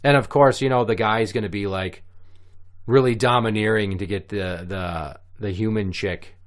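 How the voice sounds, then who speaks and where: A man with a low voice chatting on a casual podcast. He riffs crudely and animatedly, swearing freely as he spins out scenarios. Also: normal speed. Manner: crude, profane, animated riffing. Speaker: podcast co-host.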